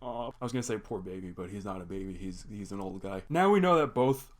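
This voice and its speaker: A man's voice: low voice, expressive, fast talker. A young man casually recapping a cartoon episode, rambling and filling his talk with "like". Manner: rambling, heavy use of "like" fillers. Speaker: reaction video host.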